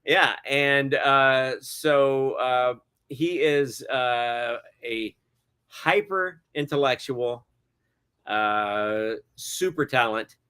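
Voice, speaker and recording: A man's voice: medium pitch, very slow, bright, forceful tone, clear, resonant tone. A middle-aged man, a guest cinematographer, telling stories in a casual interview, rambling with many hesitant fillers and frequent chuckles.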